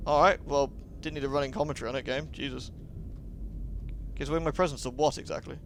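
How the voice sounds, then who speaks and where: A man's voice: fairly high pitch, steady tone, fast talker, gravelly, slight background noise. A man giving jokey, sarcastic commentary while playing a horror game. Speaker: gaming commentator. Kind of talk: let's play commentary.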